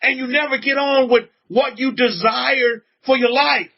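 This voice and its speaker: A man's voice: fairly even intonation, a little slow, vocal fry. A man, a rabbi, preaching emphatically on a livestream, reading out chat comments and repeating his points. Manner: emphatic, repetitive preaching with frequent pitch swings. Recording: dull lo-fi audio.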